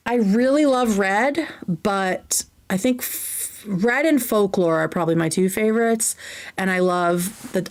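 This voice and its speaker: Woman streaming a q&a at her desk, reads chat questions out loud, chatty and excited, goes off on tangents, mid pitch. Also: smooth. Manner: chatty and enthusiastic, drifting into tangents. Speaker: livestream host. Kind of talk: casual livestream Q&A, reading viewer questions aloud.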